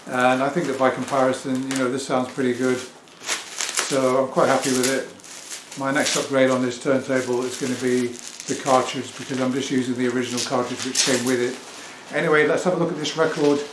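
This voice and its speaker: A man's voice: medium pitch, flat delivery, moderate pace. A middle-aged man with an English accent, talking casually and at length as a record-selling vlogger, self-assured and rambling. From England. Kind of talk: casual talk to camera. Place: home room with turntable. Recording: echoey room with faint ambient noise.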